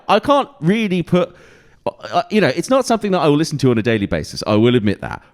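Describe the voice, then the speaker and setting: A man's voice: fairly high pitch, big pitch swings. A man, a podcast guest in casual chat, talking in a rambling way with many restarts. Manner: rambling, halting with restarts and filler words.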